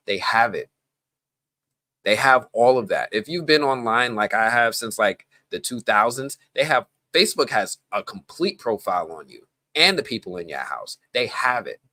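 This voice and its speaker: Animated, rambling man from the Bronx. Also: medium pitch, moderate pace, no room sound. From the Bronx, New York. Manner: animated, rambling, goes off on tangents. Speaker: live stream host. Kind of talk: casual live stream chat.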